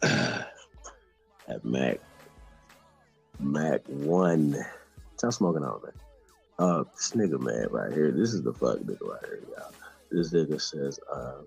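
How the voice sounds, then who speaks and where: Brief: deep, husky male streamer, slow and lively-pitched, laughs and mocks as he reads. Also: faint music behind. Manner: laughing, mocking, swearing often, breaks off mid-read. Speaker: live stream host. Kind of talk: casual live stream commentary reading aloud.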